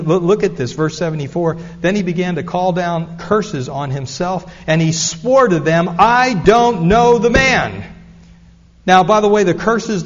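A man preaching a sermon as pastor, earnest and conversational, with frequent asides to the congregation. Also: fairly high pitch. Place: church sanctuary. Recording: echoey hall, dull lo-fi sound.

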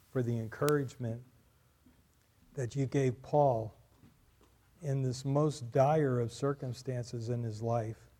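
A man pastor preaching a sermon, reading aloud with loud emphatic peaks and quiet soft endings. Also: mid-range voice. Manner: drops to quiet, soft closing lines.

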